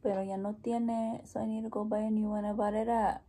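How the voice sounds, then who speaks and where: A woman's voice: medium pitch, little pitch movement, brisk, mellow. A young woman, chatting casually through a makeup tutorial and mixing in Spanish words and casual swearing. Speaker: beauty vlogger.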